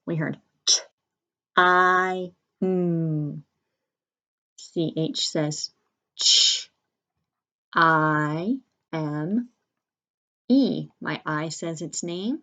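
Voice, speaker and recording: With a low but fairly bright voice, a woman works through an early-grade spelling lesson, carefully sounding out letters and words on a whiteboard for young children.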